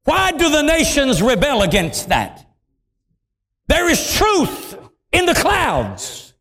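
A man preaching a sermon with impassioned, dramatic swings, dropping into deep voices for emphasis. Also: huge pitch swings, slow, a bit bright. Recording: long hall reverb.

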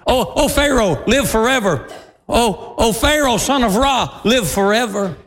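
A preacher playing a trembling royal butler. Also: male voice, fairly high pitch, sing-song, slow, slight background noise. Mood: nervous. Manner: trembling, fawning. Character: nervous male royal butler. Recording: long reverb of a large hall.

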